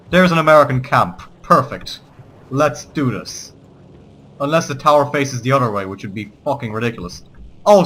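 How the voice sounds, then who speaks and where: A man's voice: on the high side, bright, forceful tone. A man giving gameplay commentary, switching between theatrical rallying speeches and swearing asides. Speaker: let's play gamer.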